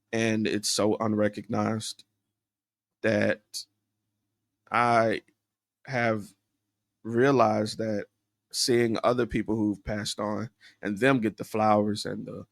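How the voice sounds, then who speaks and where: A man's voice: lowish voice, gravelly, no echo, clean studio sound. A man hosting a solo podcast, talking candidly and introspectively, rambling with fillers and restarts. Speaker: podcast host.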